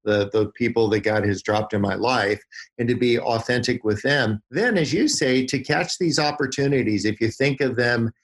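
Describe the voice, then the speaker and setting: A man's voice: medium pitch, moderate pace, husky. A man, a podcast guest, giving advice through folksy stories and vivid images. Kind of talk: podcast interview.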